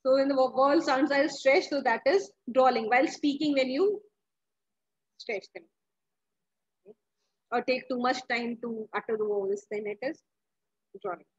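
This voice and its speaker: Woman, teacher questioning her class, husky, dull lo-fi sound. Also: sits high. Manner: explains slowly, asks students questions, restarts often. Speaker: English teacher. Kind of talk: online class explaining a story.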